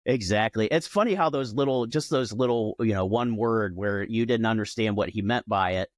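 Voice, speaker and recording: A male podcast host interviewing a guest, friendly and quick to agree and laugh. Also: on the low side, no echo, studio quality. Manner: friendly, affirming, laughs easily. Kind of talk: casual interview.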